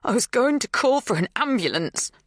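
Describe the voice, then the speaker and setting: A woman's voice: a little high, big pitch swings, moderate pace, no echo, clean studio sound, voice pushed up. A narrator doing a frightened, tearful young woman in labour. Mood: desperate. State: panting, tearful.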